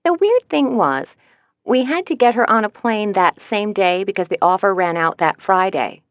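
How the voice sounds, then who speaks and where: A woman's voice: medium pitch, animated, normal speed, no room sound, pitched above the performer's own voice, lightly acted. A woman voicing a cheerful, talkative female travel agent in an audiobook, in a dry, slightly dull recording. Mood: chirpy.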